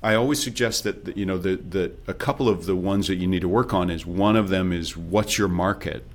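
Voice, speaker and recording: A man's voice: deep voice, a little fast. A man who coaches accents, talking casually and explaining, sometimes acting out quoted thoughts. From based in Texas. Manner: relaxed, explanatory, acts out quoted self-talk. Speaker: accent and dialect coach, guest. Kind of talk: casual interview talk.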